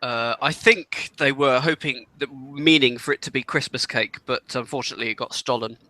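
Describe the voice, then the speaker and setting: A man's voice: medium pitch, normal speed, pushed and bright. A man co-hosting a casual watchalong commentary, describing what happens on screen with a wry touch. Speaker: co-host.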